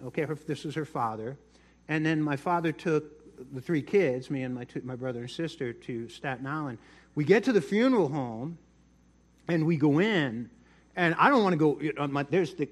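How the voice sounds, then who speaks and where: Middle-aged New preacher, casual storytelling from the pulpit, a bit higher pitch. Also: male voice. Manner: conversational storytelling, repeats words. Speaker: pastor. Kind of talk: sermon with personal story.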